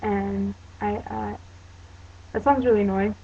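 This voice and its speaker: A woman's voice: medium pitch, fairly even intonation, a little slow, warm tone, slightly rough. A teenage girl from Pennsylvania telling a story to her camera in a chatty, rambling way, full of "um" and "like". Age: teens. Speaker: vlogger. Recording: dull lo-fi home video with faint hiss.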